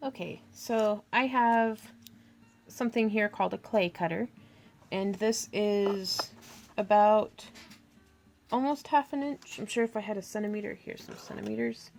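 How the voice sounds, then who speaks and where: A woman's voice: mid-range voice, measured pace, a little mellow, soft background music. A woman hosting a crafting tutorial, chatting casually and thinking aloud as she works. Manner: chatty, thinking aloud, with fillers and little laughs.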